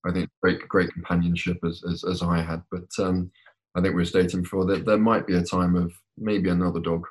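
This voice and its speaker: A man's voice: low voice, flat delivery, a little fast. A man from England, a podcast guest, chatting casually and hesitantly with many repeated words. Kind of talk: casual chat.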